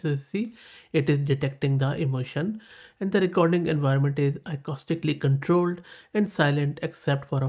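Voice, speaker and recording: Man, South Asian English accent, tech tutorial host, casual, enthusiastic, somewhat high voice. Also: darkish tone. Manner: enthusiastic, repeats praise. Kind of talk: casual screen-recorded tutorial.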